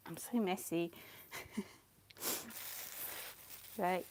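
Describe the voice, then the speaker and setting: Woman live streaming her painting, chatty and a bit scatterbrained, bit breathy, faint noise behind. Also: on the low side, fairly even intonation, extremely slow, darkish tone. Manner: chatty, scattered, laughs often, mutters asides. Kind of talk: casual live-stream chat while painting.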